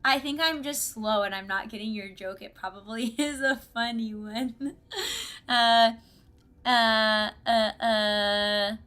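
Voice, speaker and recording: A woman's voice: on the high side, fairly even intonation, takes it slowly, bright, forceful tone. A woman chatting with viewers on a casual gaming live stream, bubbly and giggly, recorded on a desk mic at home.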